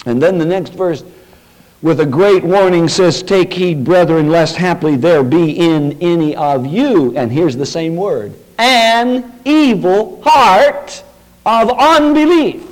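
A man preaching an expository sermon, slowing down to stress quoted scripture. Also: a little high, a little mellow, poor audio. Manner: emphatic, slows down on quoted scripture.

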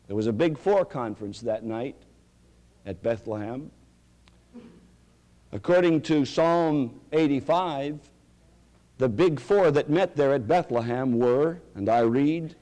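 A man's voice: mid-range voice, slow pace, long pauses, mellow. A middle-aged man preaching a sermon, telling stories and building to emphatic declarations. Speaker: pastor.

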